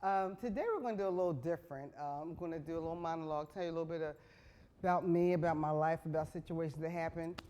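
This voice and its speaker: A middle-aged woman hosting a talk show, giving a frank, earthy comic monologue that builds to loud, excited bursts. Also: sits low, fast.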